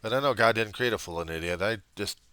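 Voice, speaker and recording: A man with a very low voice and a forceful, pushing tone, talking straight to a reverend in his video diary. He rambles and runs himself down, drifting from near-murmured reflection into sudden raised bursts. The sound is dry and close, with no room around it. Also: fast talker, clear, resonant tone, dry recording. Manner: rambling, self-deprecating, swings from quiet musing to loud outbursts. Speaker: video diarist addressing a reverend. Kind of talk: personal video diary monologue.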